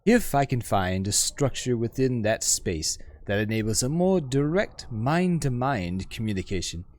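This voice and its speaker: Stately game scholar woman, voiced by a man, measured and formal, with a lively rising-falling melody. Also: medium pitch, natural voice. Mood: measured, gracious. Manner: measured, formal, precise diction. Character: elegant formal woman scholar, serene hive mind.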